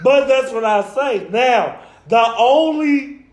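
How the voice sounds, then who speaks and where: A man's voice: extremely high pitch, animated, slow. A man, telling stories in a casual chat, swearing and laughing often. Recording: echoey room.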